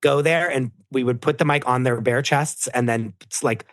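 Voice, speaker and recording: A man's voice: mid-range voice, normal speed, no room sound, studio quality. A man, a reality TV producer, chatting casually on a podcast and acting out other people's lines in shifting voices. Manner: animated storyteller, acts out quotes in shifting voices. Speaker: reality TV producer, guest co-host.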